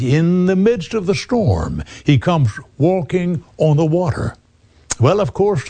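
A man's voice: mid-range voice, warm tone. A middle-aged man preaching a sermon in an earnest, emphatic way, lifting his voice for quoted words.

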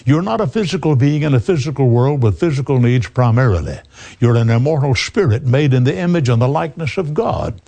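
A man's voice: mid-range voice, animated, fairly quick, mellow. A man preaching a radio sermon, emphatic, addressing the listener as friend.

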